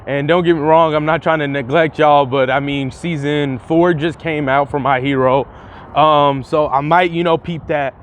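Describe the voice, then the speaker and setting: A man's voice: on the high side, fairly even intonation, normal speed, a little hiss or hum. A young man vlogging in casual commentary, rambling and profane, often restarting his sentences. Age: young adult.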